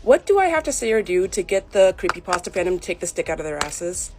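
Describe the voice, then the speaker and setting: A woman's voice: on the low side, sing-song, fast, noisy background. A young woman writer ranting in a casual phone vlog, exasperated and emphatic, repeating her points. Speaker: fan fiction writer. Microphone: phone selfie.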